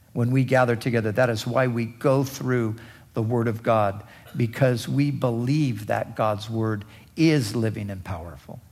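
A man preaching a sermon as pastor, with deliberate emphatic repetition. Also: mid-range voice, darkish tone.

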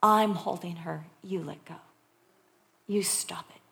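A woman preacher voicing God in a sermon, first rising high and emphatic, then dropping to a hushed near-whisper. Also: takes it slowly, vocal fry, full character voice. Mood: tender. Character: God, tender and insistent, genderless divine.

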